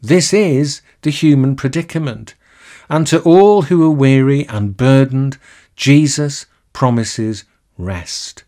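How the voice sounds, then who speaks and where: Measured male minister delivering a sermon. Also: medium pitch, lively intonation, mellow. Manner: measured, deliberate, slows to linger on key phrases. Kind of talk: recorded sermon.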